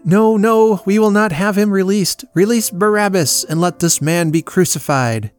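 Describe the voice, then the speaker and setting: A man putting on an angry, clamoring crowd, its voice pushed high and loud in a storybook reading. The mob shouts every demand with rising heat. Faint guitar drifts in behind it. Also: normal speed, clean tone, close to an everyday voice. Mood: clamorous.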